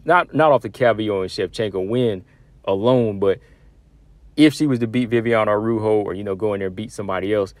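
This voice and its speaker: Male host, lowish voice, dry close mic, loose chatty MMA commentary. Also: a little fast, no echo. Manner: conversational, many fillers and asides. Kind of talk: casual solo commentary.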